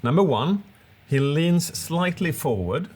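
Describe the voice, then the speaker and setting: A man's voice: a little high, animated, slow, a little mellow. A man co-hosting a casual commentary, analysing a speech with enthusiasm and acting out examples with his voice. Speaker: public speaking coach, co-host.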